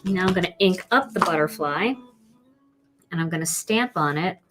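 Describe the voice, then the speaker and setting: A woman's voice: on the low side, lively intonation, moderate pace, a bit bright, soft background music. A woman teaching card stamping on a live stream, chatty and playful as she talks viewers through each step. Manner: chatty and playful, talking to viewers while working. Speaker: card-making instructor.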